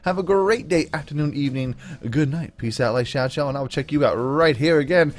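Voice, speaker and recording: A man's voice: medium pitch, a little fast. A man giving loose, jokey let's play commentary as a gaming channel host, enthusiastic and rambling. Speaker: gaming YouTuber.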